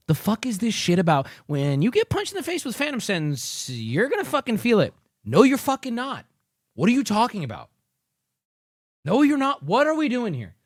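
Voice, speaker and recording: Animated ranting male streamer. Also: on the high side, no room sound, studio quality. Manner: incredulous ranting, swings up loud. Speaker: streamer reacting to clips. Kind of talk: profane reaction commentary.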